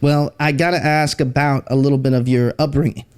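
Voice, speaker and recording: A man's voice: medium pitch, fairly even intonation, fairly quick, darkish tone, clear, resonant tone. Upbeat male podcast host. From San Antonio, Texas. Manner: upbeat, friendly hype intros. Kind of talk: casual interview hosting.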